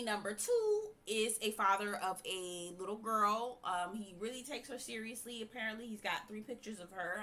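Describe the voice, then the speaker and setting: A woman with a bright, forceful voice reviews TV in a frank, chatty way. She is blunt and opinionated, and her pitch sits in the middle range. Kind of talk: casual opinionated commentary.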